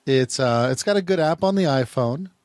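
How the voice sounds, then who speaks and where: A man's voice: medium pitch, lively intonation, moderate pace, a little mellow, no room sound, studio quality. A man working as a private investigator, casually reviewing phone apps in a rambling way, often repeating words and restarting sentences. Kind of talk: casual talking-head app review.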